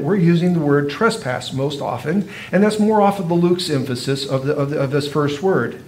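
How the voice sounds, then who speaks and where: A man's voice: fairly high pitch, a little mellow, a little hiss or hum. A man giving a sermon as a pastor, teaching in a conversational way and often asking his listeners rhetorical questions.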